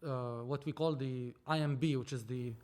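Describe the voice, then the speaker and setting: A man, a film producer and podcast guest, telling a story in animated casual talk, acting out dialogue and swearing freely. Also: medium pitch, normal speed. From Lebanon.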